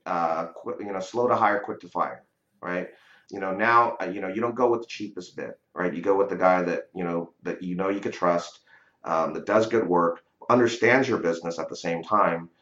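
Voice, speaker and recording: A man with a somewhat low voice recounts his experiences in a relaxed, conversational way, often checking in with "right?". The recording is dull and lo-fi, with noticeable room echo around him. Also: normal speed. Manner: conversational, frequent "you know" and "right?". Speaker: real estate investor guest. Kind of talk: casual storytelling interview. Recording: dull lo-fi audio in a roomy space.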